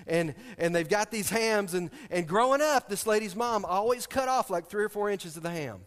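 Male pastor, middle-aged, high voice, storytelling sermon, quips to the crowd, long church reverb. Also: expressive, moderate pace. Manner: storytelling, asks the congregation questions, joking asides.

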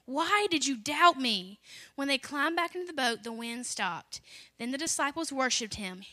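A young woman, a children's pastor, praying and preaching in a lively way and reading scripture aloud with dramatic jumps in loudness. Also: high-pitched, no room sound. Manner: animated, acts out quotes with sudden loud rises. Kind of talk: prayer and sermon with scripture reading.

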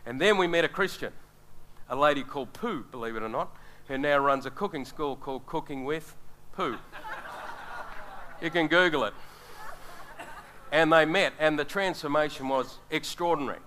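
A man's voice: on the high side, normal speed, pushed and bright, a little hiss or hum. A middle-aged man preaching a sermon, earnest and speaking straight to his congregation. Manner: earnest, addresses the congregation directly.

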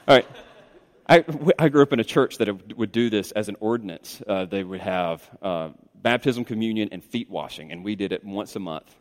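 A man's voice: on the high side, big-room sound. A man preaching a sermon as pastor, talking conversationally and putting questions to his congregation.

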